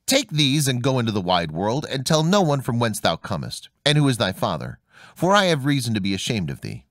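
A man's voice: medium pitch, sing-song, brisk, a bit bright, no echo, clean studio sound. A man voicing a weary, exasperated old father who scolds in old-fashioned speech, in a storybook reading. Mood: angry.

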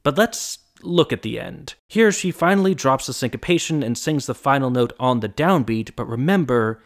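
A man's voice: mid-range voice, expressive, moderate pace. A man hosting a music analysis video, giving scripted narration and walking through musical examples step by step.

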